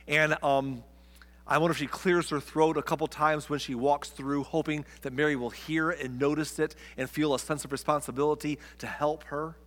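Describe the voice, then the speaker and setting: A man's voice: a little high, little pitch movement, normal speed, a bit bright, long reverb tail. A man giving a conversational sermon, retelling a story and acting out the voices of its characters. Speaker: preacher.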